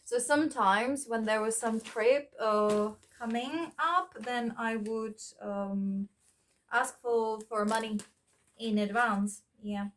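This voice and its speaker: A woman's voice: fairly high pitch, slow, a bit bright. A woman chatting casually as she sorts through old keepsakes, rambling and thinking aloud with many fillers. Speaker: vlogger. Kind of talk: casual reminiscing while sorting keepsakes.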